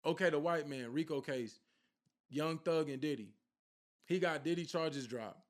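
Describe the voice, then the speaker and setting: Here a man with a fairly high pitch speaks at a measured pace. He's a spiritual content creator giving viewers a casual, preachy talk, addressing them directly and circling back to the same points for emphasis.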